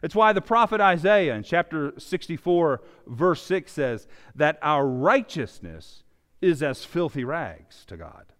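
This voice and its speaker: A male pastor preaching a sermon, with animated emphasis that swings loud and soft. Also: fairly high pitch, unhurried. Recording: long reverb of a large hall.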